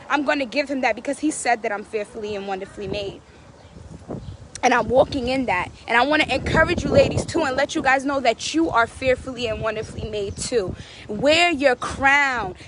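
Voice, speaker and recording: A woman's voice: high voice, a bit bright, slight background noise. A woman vlogger giving fervent, preachy encouragement, repeating phrases for emphasis. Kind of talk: casual inspirational talk.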